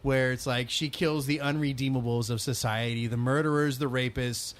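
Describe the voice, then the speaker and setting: A man co-hosting a podcast, telling anecdotes in an animated, amused way. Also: mid-range voice, normal speed. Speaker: podcast co-host. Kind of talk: casual chat.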